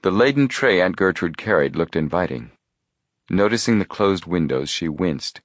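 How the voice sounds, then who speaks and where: Deep-voiced man reading a story. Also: moderate pace, no echo, studio quality. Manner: expressive storytelling. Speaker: audiobook narrator. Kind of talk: scripted narration.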